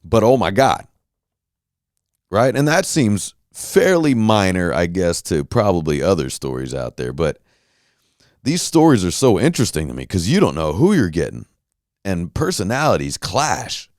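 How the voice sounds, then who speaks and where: A man hosting a podcast, telling a rambling, animated story with quoted voices and swearing. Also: deep voice, moderate pace, no echo, clean studio sound. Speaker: podcast host. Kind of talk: casual storytelling rant.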